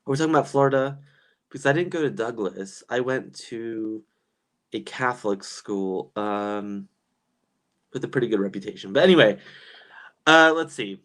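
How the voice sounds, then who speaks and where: A man in his thirties hosting a casual livestream and reading chat comments, animated and chatty with lots of fillers and laughs. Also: medium pitch, moderate pace, long pauses.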